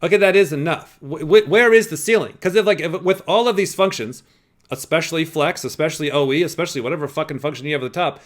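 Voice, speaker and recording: A man's voice: on the high side, fast talker. A man hosting a casual commentary on a clip, rambling and profane, often restarting his sentences. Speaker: host.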